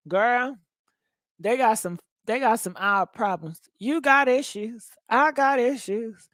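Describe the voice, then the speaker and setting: A woman with a high, bright voice hosts a casual gossip commentary. She talks in a blunt, sassy way and swears freely. The sound is dry and close to the mic. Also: takes it slowly, dry recording. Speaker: host.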